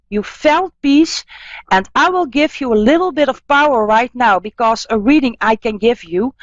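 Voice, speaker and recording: A woman medium giving a spiritual healing reading, talking in soothing, repetitive, halting phrases. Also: fairly high pitch, no room sound, lo-fi sound.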